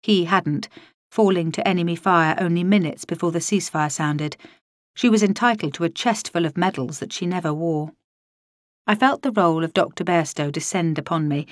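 A woman's voice: fairly low pitch, moderate pace, dry recording, studio quality. Wry woman narrating an audiobook. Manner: wry, dryly comic. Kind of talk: first-person audiobook narration.

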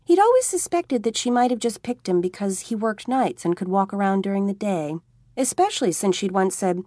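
Woman, audiobook narrator, wry comic reading, lively pitch, dry close recording. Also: a little fast, no echo. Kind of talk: scripted narration.

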